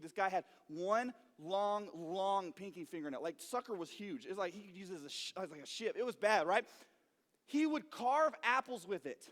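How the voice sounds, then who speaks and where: A young man speaking as a youth pastor, telling jokey stories and acting out quoted reactions. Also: high-pitched. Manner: animated, joking storytelling with quoted asides. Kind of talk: youth group talk. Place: church youth room or hall. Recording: long reverb of a hall.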